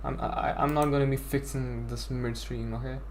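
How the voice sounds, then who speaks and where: A man's voice: mid-range voice, fairly even intonation, normal speed, a little hiss or hum. A young man live-streaming a game from his home setup, chatting casually and rambling to his viewers with lots of "bro" and "like". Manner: chatty, rambling, self-deprecating, says "bro" and "like".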